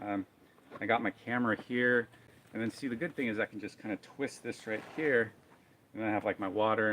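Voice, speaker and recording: A man's voice: fairly low pitch, a bit bright, a little hiss or hum. A man vlogging outdoors in a forest, talking casually and rambling with lots of fillers. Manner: rambling, easygoing, many fillers.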